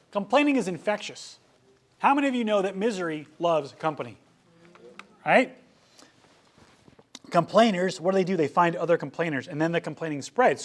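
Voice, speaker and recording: A young man preaches a lively sermon, mixing jokes and stories with his points. His voice sits a little higher than most men's, and he swings between loud, punchy lines and quiet asides. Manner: animated, joking, storytelling. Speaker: youth pastor.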